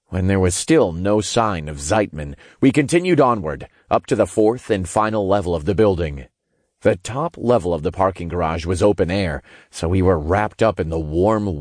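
A man narrating a first-person novel in a steady storytelling manner with casual swearing. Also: deep voice, dry recording, studio quality. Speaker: audiobook narrator.

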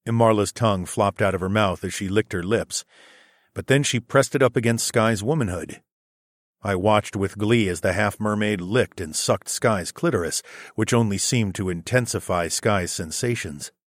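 A man reading a first-person audiobook in a steady, unhurried way. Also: on the low side, no echo, studio quality. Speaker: audiobook narrator.

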